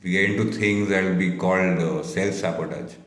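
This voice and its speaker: Deep-voiced man leading a guided meditation. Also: steady tone, echoey room. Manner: slow, repetitive, soothing affirmations. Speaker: workshop facilitator. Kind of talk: guided self-reflection meditation.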